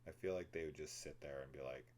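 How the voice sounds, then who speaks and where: A man's voice: very deep voice, fairly even intonation, quick pace, a little mellow, a little hiss or hum. A man hosting a horror film review show, talking casually and opinionatedly with plenty of swearing and rambling asides. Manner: laughs and mimics characters while telling the plot. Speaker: film review podcast host. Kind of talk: casual spoiler discussion.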